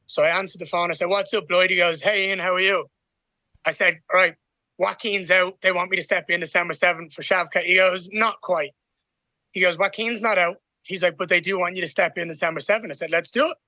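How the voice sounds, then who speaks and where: A man speaking in an interview, confident and eager. His voice is high and bright, with a dry, close sound. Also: steady tone, a little fast, no room sound. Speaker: fighter interviewed.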